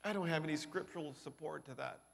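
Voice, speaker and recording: A middle-aged man speaking at a conference, giving an emotional testimony that swings from hushed to loud. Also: fairly high pitch, fast talker, gravelly, a little hiss or hum. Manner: emotional, builds from quiet to loud. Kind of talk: testimony talk. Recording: long hall reverb.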